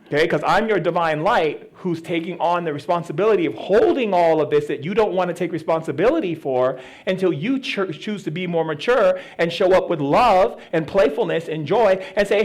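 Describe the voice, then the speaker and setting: High voiced guy doing a spiritual talk, super animated, laughs a lot and does voices. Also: fairly quick, few pauses. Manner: playful, laughing, acts out voices. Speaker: spiritual speaker. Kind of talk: expo stage talk. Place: expo lecture hall.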